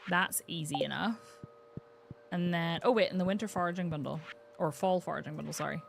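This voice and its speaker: A woman streamer from the UK chatting casually while she plays, thinking aloud and cooing brightly at the game's animals. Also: lowish voice, a little fast, gravelly, a little hiss or hum. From United Kingdom. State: has the hiccups. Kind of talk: casual live-stream gameplay chat. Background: game music.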